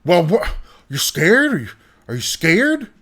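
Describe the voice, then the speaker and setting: A man's voice: sits high, wildly swooping pitch, unhurried, sharp tone, pitched above the performer's own voice, full character voice. A man voicing a cheap, reckless father who stammers out fussing questions to his son in a comic story. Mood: panicked. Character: frantic, cheap, reckless middle-aged father.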